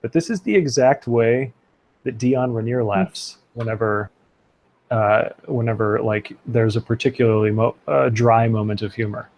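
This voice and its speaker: A man's voice: medium pitch, moderate pace, darkish tone, slight background noise. A man narrating a tabletop role-playing game as game master, loose and chatty, with fillers and laughs.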